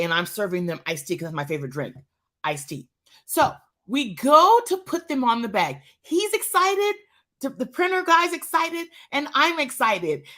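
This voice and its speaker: A woman tells a testimony to her church audience in a lively voice that rises and falls widely. She is animated and speaks straight to her listeners, repeating phrases for emphasis. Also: a little high. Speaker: church first lady hosting a live show.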